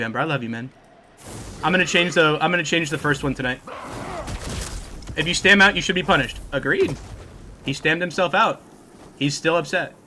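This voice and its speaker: A man livestreaming a game and chatting with his viewers, brash and quick to swear and trash-talk. His voice sits high, with a forceful, bright edge. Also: slight background noise. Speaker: game streamer. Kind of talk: casual livestream talk to chat.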